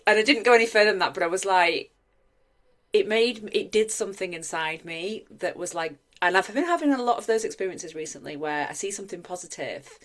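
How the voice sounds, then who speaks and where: A woman's voice: mid-range voice, fairly quick, fairly bright tone. A married woman co-hosting a podcast, talking openly and emotionally, with stumbling restarts. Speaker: podcast co-host. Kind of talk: casual conversational chat.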